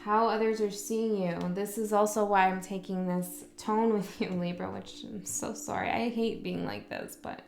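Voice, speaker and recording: A woman's voice: medium pitch, fairly even intonation, normal speed, vocal fry, few pauses. A woman giving a casual spoken tarot reading, talking frankly and often checking in with the listener. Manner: chatty, frank, checks in with "okay?". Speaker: tarot reader. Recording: roomy echo, faint music.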